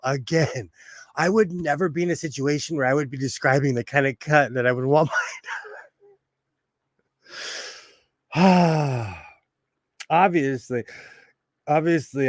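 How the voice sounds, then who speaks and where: A man's voice: a little high, no room sound. Laughing, chatty man on a dry mic. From Los Angeles. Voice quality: bald. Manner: chatty and laughing often, animated storytelling. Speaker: livestream host. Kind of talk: casual chat while sewing.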